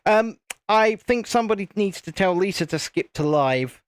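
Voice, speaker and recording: A British man hosting a live building stream chats and rambles casually, cracking jokes along the way. His high-pitched, smooth voice has lively intonation and a moderate pace, with no room sound.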